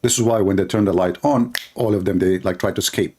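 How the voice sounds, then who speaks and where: Host type, man with a lowish voice, sarcastic running commentary on a clip, english not his first tongue. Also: fairly even intonation, fast, dark tone, slightly rough. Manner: sarcastic, teasing; non-native English grammar.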